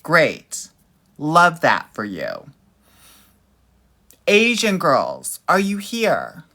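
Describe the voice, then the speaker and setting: A man's voice: fairly high pitch, huge pitch swings, drawn-out words, vocal fry, sharp tone. A young man hosting a casual livestream as a dating coach, sassy and playful, calling his viewers honey and girl.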